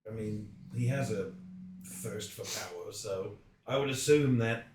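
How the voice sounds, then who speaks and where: A man's voice: on the low side, a little slow, heavy reverb, far from the mic, noisy background. A man playing at a tabletop game, musing in character and laughing often. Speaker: player. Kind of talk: casual in-character table talk.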